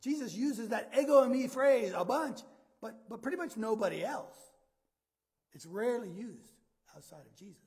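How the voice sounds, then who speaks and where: Guy giving a sermon, high-ish husky voice, chatty, asks the crowd stuff. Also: expressive, normal speed, a little mellow. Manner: conversational, repeats words, asks the audience questions. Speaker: pastor.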